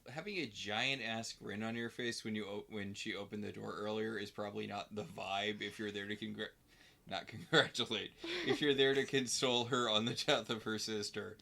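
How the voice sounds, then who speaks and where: A man's voice: on the low side, steady tone, moderate pace, gravelly, pushed and bright, slight background noise. A man co-hosting a podcast, recapping a TV episode in casual chat with dry, joking commentary. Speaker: podcast co-host.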